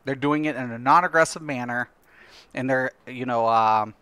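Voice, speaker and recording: A man's voice: medium pitch, normal speed, pushed and bright, clear, resonant tone, no echo. A middle-aged man streaming a game, chatting casually and rambling with lots of "you know" fillers. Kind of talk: casual chat while gaming on stream.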